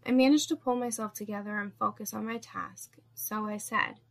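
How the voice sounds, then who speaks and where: Woman narrator with a gravelly fry. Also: medium pitch, steady tone, normal speed, hardly any pauses. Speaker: story narrator. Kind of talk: first-person story reading.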